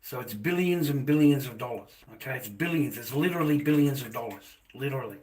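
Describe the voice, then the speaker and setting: A man's voice: mid-range voice, lively intonation, fast talker, darkish tone. A middle-aged Australian man ranting bluntly to his livestream chat, swearing freely as he rambles.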